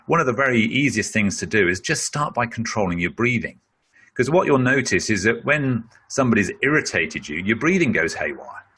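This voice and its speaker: Middle-aged man, webinar expert: low-ish, husky, bright voice, chatty explainer. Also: sing-song, fairly quick. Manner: explanatory, conversational, with many "you know" fillers. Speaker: speaker on leadership. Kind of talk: webinar answer to a question.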